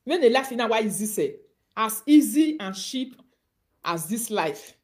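A woman with a Nigerian accent speaks in a fairly high voice, mocking and scolding as she rants on a live video. She fires off pointed questions at the people she is scolding. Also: big pitch swings, a little slow. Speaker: online commentator.

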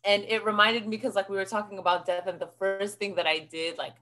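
A woman in her twenties, a podcast guest, telling stories in a lively, chatty way and acting out the voices of the people she quotes. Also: medium pitch, fairly quick. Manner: animated, acts out quoted voices. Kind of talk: casual storytelling interview.

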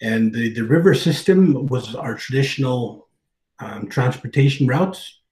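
A man giving an informal presentation, speaking haltingly with many fillers, restarts and throat clearing. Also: medium pitch, darkish tone, echoey room, rough recording. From Canada. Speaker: guest speaker on language revitalization.

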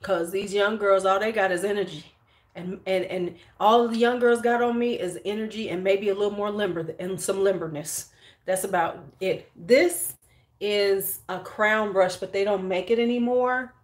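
A woman's voice: mid-range voice, fairly even intonation, moderate pace. A middle-aged woman hosting a beauty livestream, chatting casually and frankly while doing her makeup, joking bawdily with viewers.

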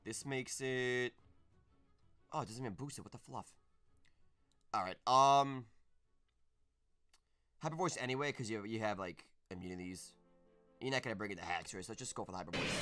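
A young man streaming live gameplay, talking through his moves and breaking into shouts when things go his way. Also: on the low side, normal speed, pauses often, soft background music. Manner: excitable, bursts into shouts.

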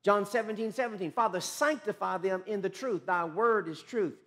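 A man pastor preaching a sermon, quoting scripture rapidly, calling on the congregation to repeat after him, and breaking into excited shouts. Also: high-pitched. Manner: emphatic preaching with rapid scripture quotes and call-and-response.

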